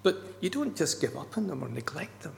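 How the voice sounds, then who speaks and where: Male preacher, gravelly, emphatic sermon delivery, recorded with long hall reverb. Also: fairly high pitch, very animated, a little fast, slight background noise. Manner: earnest, emphatic, repeats key words.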